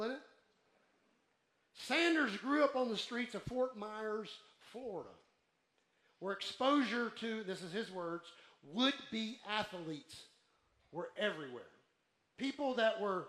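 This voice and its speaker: High, bright-voiced preacher in an echoey church. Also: male voice. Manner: call-and-response with the congregation; builds to shouting. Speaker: pastor. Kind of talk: sermon.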